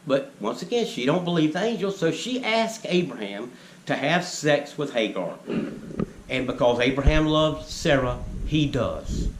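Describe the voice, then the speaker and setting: A man lectures his viewers in a fairly high voice, scolding them and asking question after question. He talks in an echoey room with a faint hum of ambient noise behind him. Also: sing-song, a little slow. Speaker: vlogger. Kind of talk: preachy monologue to camera.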